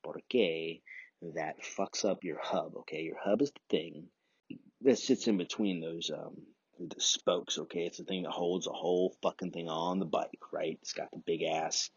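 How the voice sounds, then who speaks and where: A deep, gravelly man with a husky edge rambles through a casual, foul-mouthed podcast monologue, chuckling as he drifts from one tangent to the next. The sound is dry and close, with a dull, lo-fi home-recording quality. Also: steady tone, a little slow, no room sound. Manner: profane, rambling, chuckling often. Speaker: podcast host.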